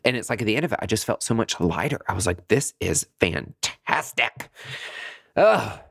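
Animated low-voiced man telling a story. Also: fast talker, gravelly, breathy edge, no room sound, clean studio sound. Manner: animated, chatty, swears freely, jumps high in pitch for emphasis. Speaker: podcast host. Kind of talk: casual solo storytelling.

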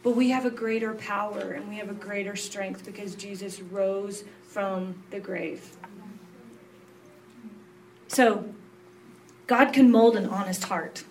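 A woman's voice: fairly even intonation, slow pace, pauses often, slight background noise. Earnest woman preaching, heard from a distance. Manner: earnest, confessional, mixes quiet lows with emphatic rises. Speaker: pastor's wife. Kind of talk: sermon.

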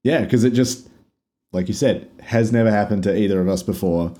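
A man's voice: on the low side, a little fast, mellow. A man co-hosting a podcast, laid-back, answering with short replies and chuckles. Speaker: podcast co-host. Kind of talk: casual chat.

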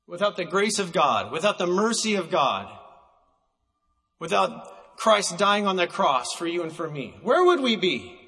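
A man preaching a sermon, emphatic and slowing down to stress single words, recorded in a church hall. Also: high voice, very animated, sharp tone.

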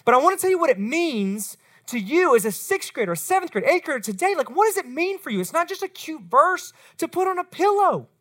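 A woman's voice: high voice, fairly quick, few pauses. A woman, preaching as a youth pastor to middle school students and speaking straight to them. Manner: animated, talks straight to the students.

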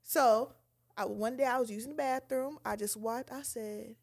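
A young woman with a fairly high voice, co-hosting a podcast. She is blunt and profane in casual chat. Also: moderate pace, darkish tone. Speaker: podcast co-host.

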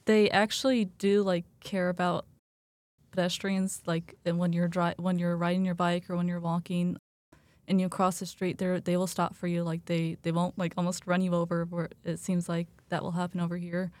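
A young woman chats casually on a student panel in a flat, level tone. The sound is dry and close, and she strings her points together with "like" and "so.". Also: on the low side, normal speed, dry recording. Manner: chatty, laughs between points, many "like" fillers. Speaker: student studying German.

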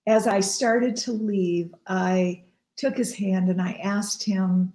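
Earnest, slow-speaking woman minister in an echoey room. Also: mid-range voice, steady tone, dark tone. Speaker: minister and show host. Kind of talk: heartfelt personal storytelling. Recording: roomy echo.

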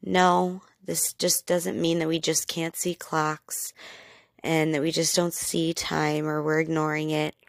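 A woman's voice: low-pitched, little pitch movement, a little slow, creaky, dry recording. A woman hosting a podcast, explaining things in a candid, chatty, self-deprecating way. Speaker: podcast host. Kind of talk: casual educational podcast.

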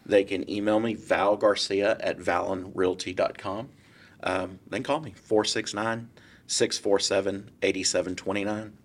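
A man's voice: lowish voice, measured pace. A man, a guest real estate broker telling a story casually and acting out the quotes in changing voices. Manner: animated, acts out quotes in different voices.

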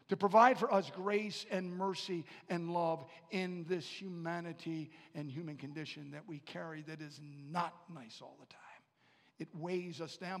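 A high-pitched pastor with vocal fry preaches a sermon in a church hall, where his words trail off into a long reverb. He swings between quiet, intimate, hushed passages and loud, rising calls, repeating phrases to drive them home.

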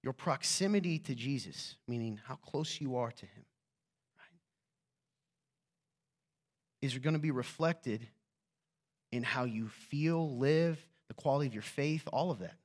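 A male pastor gives a sermon to his congregation in a church. He speaks in a casual, conversational way and teases the people in the pews. His voice sits at an ordinary pitch and swings from hushed asides to loud, excited bursts. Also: measured pace, pauses often. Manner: rhetorical questions, swings from quiet to loud.

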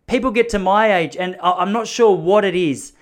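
A man's voice: high-pitched, normal speed. An Australian man from Melbourne giving a rambling, self-mocking comedic monologue, blunt and sprinkled with swearing.

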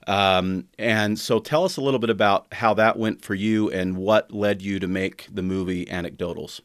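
A man hosting an interview, asking measured questions. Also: fairly low pitch, fairly even intonation, no room sound, studio quality. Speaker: podcast host.

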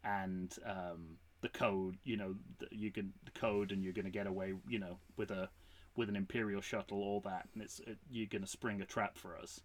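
A man voicing a scheming old galactic emperor in a low, hushed delivery while retelling a story idea. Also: level tone, moderate pace, natural voice.

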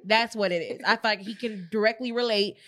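A woman talks in a loose, candid chat, frank and profane, backing up her co-host with quick agreement and laughter. Her voice sits at an ordinary middle pitch. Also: fairly bright tone.

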